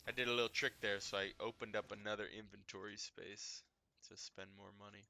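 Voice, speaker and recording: A man casually playing a video game, reacting excitably and reading the game's text aloud to viewers. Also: on the low side, a little fast, vocal fry. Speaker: game streamer.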